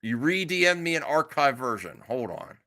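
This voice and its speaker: A man hosts a casual live stream and talks in a bright, tense, cutting voice that sits a little high for a man. He is blunt and exasperated, swearing freely as he answers his chat. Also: very animated, moderate pace. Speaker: streamer host.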